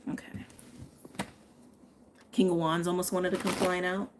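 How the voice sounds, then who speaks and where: A woman's voice: fairly low pitch, level tone, unhurried, a little hiss or hum. A woman giving a live tarot and astrology reading, chatting and thinking aloud, often checking in with "okay?". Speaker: tarot reader.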